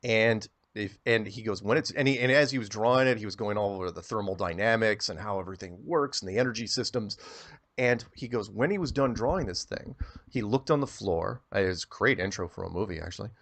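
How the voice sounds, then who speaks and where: Guy with a lowish voice rambling on as an interview guest, lots of restarts, gets animated. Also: fairly quick. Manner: rambling, animated, repeats words when starting sentences. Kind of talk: casual interview storytelling.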